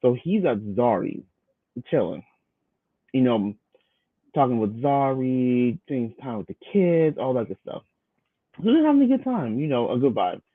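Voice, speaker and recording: A man's voice: mid-range voice, big pitch swings, normal speed, long pauses, no room sound. A man talks through a show recap in a loose, rambling way, dropping "you know" often. His voice comes through thin and tinny, like a phone line, with no room sound around it. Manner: loose and chatty, filler-heavy, acts out quotes. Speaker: podcast co-host recapping a reality show. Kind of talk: casual commentary recap.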